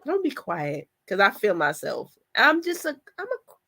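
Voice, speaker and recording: A woman, talking emotionally as a commentary vlogger, trailing off and restarting as her voice swings between quiet and loud. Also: on the high side, wildly swooping pitch, normal speed.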